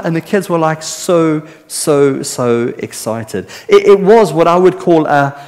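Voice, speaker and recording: A male pastor preaching, his voice ringing with a long reverb through a large hall. He talks earnestly, building to loud, excited peaks and then falling to soft, hushed lines. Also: on the high side, measured pace. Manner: earnest, animated storytelling with swings between loud and soft. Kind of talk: sermon.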